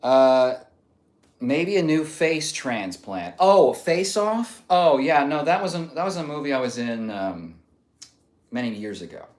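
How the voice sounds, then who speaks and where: Slow, drawling male livestreamer. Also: medium pitch, big pitch swings, reverberant. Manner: drawling, easygoing, often drops to a murmur. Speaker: livestream host. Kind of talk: casual chat reading viewer comments. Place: home room on a stretching livestream.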